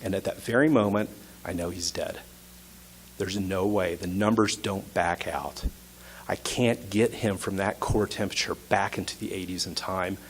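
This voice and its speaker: Lowish voiced guy telling a story live on stage, tense punchy short sentences. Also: steady tone, moderate pace, slight background noise. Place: stage at an arts center.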